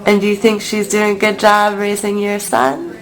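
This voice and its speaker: A woman interviewing for a documentary, asking short, gentle questions. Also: mid-range voice, steady tone, moderate pace, rough recording.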